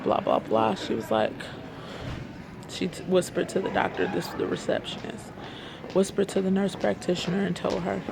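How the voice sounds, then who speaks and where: A woman vlogging from a hospital library, retelling a frustrating appointment in an animated, exasperated way and acting out the dialogue. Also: lowish voice, normal speed, gravelly, background noise. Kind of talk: storytime vlog. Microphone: self-filmed camera.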